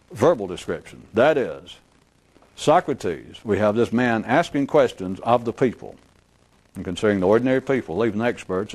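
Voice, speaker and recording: A man lecturing off the cuff on a philosophical idea, his pitch leaping up and down as he goes. He rambles and circles back, slipping into the voices of the people he describes. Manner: animated, rambling, acts out quoted voices.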